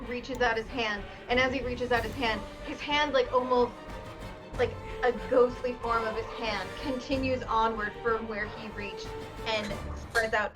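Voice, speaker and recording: A woman player in a tabletop game, describing her character's actions in a hesitant way, with many fillers. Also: on the high side. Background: background music.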